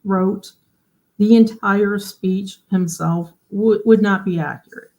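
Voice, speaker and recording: Woman, livestream host, mid-pitched, casual and chatty, explains and asks viewers questions. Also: fairly even intonation, slow, a little mellow, muffled recording. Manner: chatty, explains while showing pages, often asks the audience questions.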